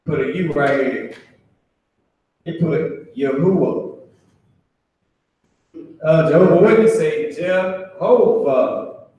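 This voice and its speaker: A man's voice: on the high side, takes it slowly, long pauses, highs cut off. A man teaching a Hebrew class at a board, casual and repetitive, drawing out key words. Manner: casual, repeats and restarts, drawls key words. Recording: very echoey room, mic far off.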